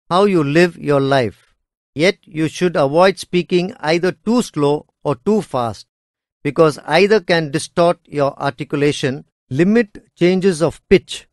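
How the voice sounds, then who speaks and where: A man reading a scripted lesson on speaking skills in a measured, deliberate way. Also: on the high side, no room sound, studio quality. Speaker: instructor.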